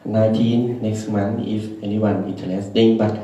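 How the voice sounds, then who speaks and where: A man with a Thai accent organizes a meetup and makes plain, halting announcements. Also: lowish voice, fairly even intonation, warm tone, lo-fi sound. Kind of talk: event announcement. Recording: echoey room from far off.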